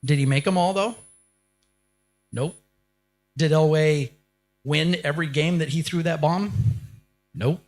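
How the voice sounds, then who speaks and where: A man with a fairly high voice gives a motivational keynote to a live crowd. He keeps asking the room rhetorical questions and drives each point home with short, emphatic lines. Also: measured pace, pauses often. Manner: emphatic, builds to punchy lines. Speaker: keynote speaker. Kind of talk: motivational speech.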